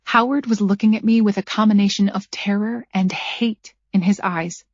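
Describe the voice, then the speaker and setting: A woman narrating a first-person thriller audiobook at a measured pace, her character's lines dryly sarcastic. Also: mid-range voice, steady tone, no echo. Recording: dull lo-fi dry recording.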